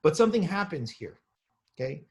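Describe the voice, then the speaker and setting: A middle-aged man teaching as a rabbi, reading names off quickly and then slowing down to stress his points and quiz his class. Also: fairly high pitch, big pitch swings. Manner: reads names rapidly, then slows down to stress points and asks the class questions. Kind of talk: lesson reading and explaining a text.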